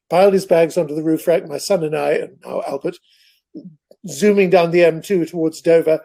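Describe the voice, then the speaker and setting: A man's voice: fairly high pitch, creaky, dark tone. An older man, a guest author telling long, rambling anecdotes in an interview. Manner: rambling anecdotal storyteller, digressive. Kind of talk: interview conversation.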